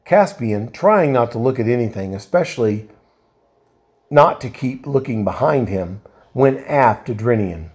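Man reading a storybook aloud, mellow, husky, calm and steady. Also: mid-range voice, measured pace. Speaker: volunteer reader.

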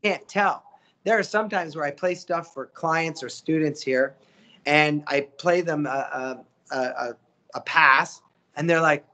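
A man, a voice actor guest, telling stories in a casual interview, lively and coaching with acted-out quotes. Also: fairly high pitch, unhurried. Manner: animated, acts out quotes, coaching.

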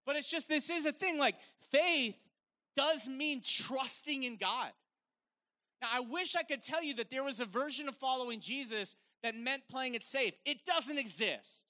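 Male preacher, bright and forceful tone, casual emphatic sermon delivery on a stage mic. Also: very high voice, lively intonation, moderate pace. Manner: casual, filler-heavy, emphatic. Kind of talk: live sermon. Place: stage at a worship event.

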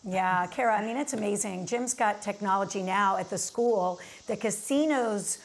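A woman hosting a television lifestyle show, responding to her guest with quick affirmations and casual remarks. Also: medium pitch. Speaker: TV show host. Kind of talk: casual TV interview chat. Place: TV studio.

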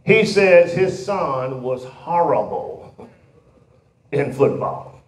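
A pastor preaching a sermon in a church, building to shouted, emphatic peaks. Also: male voice, mid-range voice, big pitch swings, very slow. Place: church sanctuary. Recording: roomy church hall echo.

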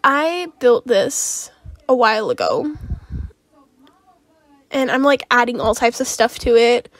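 A woman's voice: fairly high pitch, big pitch swings, takes it slowly, no room sound. A young woman rambling casually as she talks over a game build video, with lots of fillers and small laughs. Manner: rambling, filler-heavy, giggly. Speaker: game streamer.

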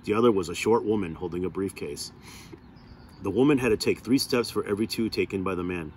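Man reader, lowish voice, steady novel read-aloud, faint noise behind. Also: fast talker.

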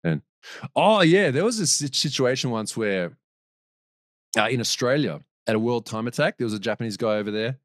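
A man's voice: medium pitch, lively intonation, moderate pace, dry recording. Man telling stories, dry close sound. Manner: rambling, with restarts and laughs. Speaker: podcast guest. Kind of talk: casual storytelling.

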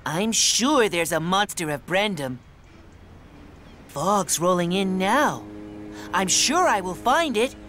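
A man voicing a small, excitable young male engine in a cartoon, eager and pleading. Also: high-pitched, slow pace, long pauses, a little hiss or hum, pitched above the performer's own voice, full character voice.

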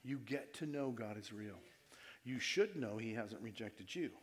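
A man preaching a sermon to his church, moving between quiet appeals and loud emphatic stretches and asking his listeners direct questions. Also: mid-range voice, lively intonation, unhurried. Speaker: pastor. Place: church service before a congregation.

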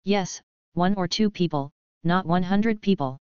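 A woman's voice: fairly low pitch, unhurried, clean tone, no room sound, lightly acted. Woman reading as a dry, exasperated immortal man. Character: weary, sardonic immortal man. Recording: dry, dull lo-fi.

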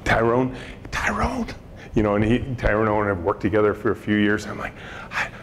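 A man's voice: lowish voice, level tone, fast talker. A middle-aged man, a company CEO, giving a storytelling talk to students and acting out the voices in his anecdotes. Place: lecture hall with audience. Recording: long hall reverb, faint noise.

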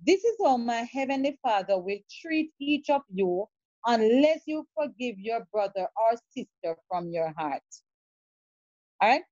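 Halting woman preaching, dull lo-fi sound. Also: on the high side, expressive, warm tone, no room sound. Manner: halting, repeats words, checks with "all right?". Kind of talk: Bible teaching sermon, reading scripture aloud.

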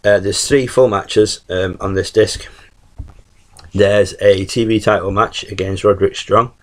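A man's voice: on the low side, steady tone, measured pace, low-quality recording. A man from the UK giving a casual spoken review, rambling with lots of ums and restarts. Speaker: YouTube reviewer.

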